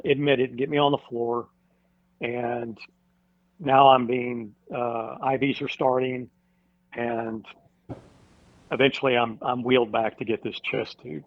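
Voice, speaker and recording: A firefighter, a guest on a podcast, telling a personal story in a casual interview, halting with many fillers and restarts. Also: male voice, mid-range voice, no echo. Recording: dull dry recording.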